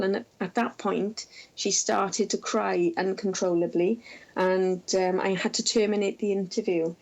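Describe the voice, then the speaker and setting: A woman in middle age talks through case stories from her research in an interview. Her delivery is measured and gentle, with small fillers as she gathers her thoughts. Her voice sits at an ordinary middle pitch. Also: steady tone, vocal fry, low-quality recording. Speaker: researcher and former intensive care nurse.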